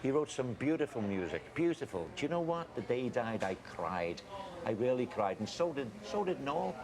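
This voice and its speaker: An actor playing a blustery, defensive middle-aged farmer with a Scouse accent, in found-footage style. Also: male voice, medium pitch, sing-song, normal speed, a crowd in the background. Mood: insistent. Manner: blustery, defensive, calls people mate. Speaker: farmer guarding his cousin. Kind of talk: found-footage film acting. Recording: noisy handheld camera audio.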